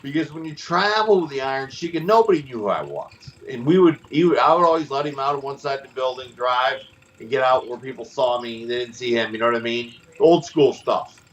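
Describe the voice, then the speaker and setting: Male storyteller, chatty and animated, ex-wrestler, mic set back with faint hiss. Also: mid-range voice, brisk, distant mic, muffled recording. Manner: animated, does voices for people in his stories. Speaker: former pro wrestler, podcast co-host. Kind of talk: casual storytelling.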